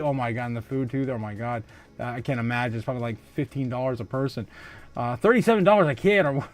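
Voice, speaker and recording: A man's voice: a little high, darkish tone, dry recording. A man hosting a casual livestream, reading out viewer comments, laughing often and trailing off into fillers and exclamations. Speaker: livestream host.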